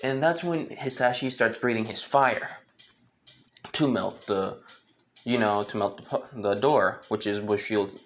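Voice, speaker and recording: A man's voice: lowish voice, a little slow, a bit bright, a little hiss or hum. A man telling a fan story in a casual, rambling way, with restarts and asides.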